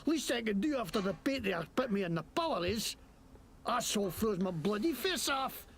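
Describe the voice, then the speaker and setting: In a video game, an actor voices a crude, foul-mouthed male wasteland crook with a put-on Scottish accent. The performance is heavily acted at normal speed, his voice sitting high, gravelly and full of lively swings as he blusters, curses and acts brash. A slight hiss or hum sits under the recording.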